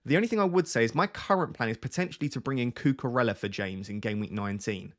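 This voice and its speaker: A man's voice: medium pitch, fast talker, a bit bright. A man hosting a casual live stream, chatting and greeting his viewers by name from a small home room. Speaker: fantasy football streamer. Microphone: webcam close on face.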